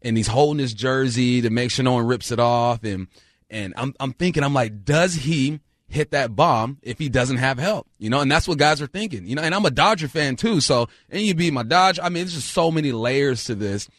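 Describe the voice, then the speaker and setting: A man's voice: medium pitch, moderate pace, no room sound. A male co-host giving blunt takes in casual sports talk, leaning on stock phrases. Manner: blunt, repeats himself.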